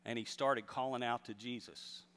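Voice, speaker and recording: A man's voice: mid-range voice, steady tone, normal speed, fairly bright tone, clean tone. Man preaching in a reverberant hall. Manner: storytelling, rising to emphatic exhortation. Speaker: pastor. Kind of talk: sermon.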